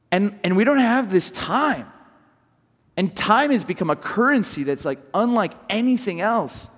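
A man from Southern California preaching a sermon, telling stories in an animated way and often restarting his sentences. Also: high voice, long reverb tail. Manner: animated storytelling with repeated restarts. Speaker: pastor.

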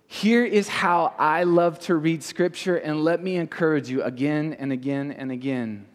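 A man leading a youth group as their pastor, teaching interactively and firing question after question at the audience. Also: fairly high pitch. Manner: asks the audience many quick questions. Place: large hall with an audience. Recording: reverberant hall.

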